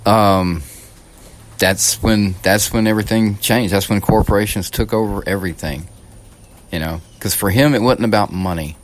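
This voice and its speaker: A low-voiced man from the United States hosting his own podcast. He talks in a loose, rambling monologue that is blunt and profane, and he often restarts his sentences. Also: normal speed. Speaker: podcast host. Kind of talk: casual political monologue.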